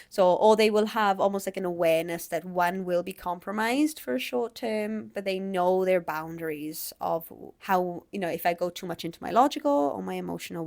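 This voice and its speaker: A woman hosting a solo relationship podcast as a coach, explaining things in a conversational way. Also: mid-range voice.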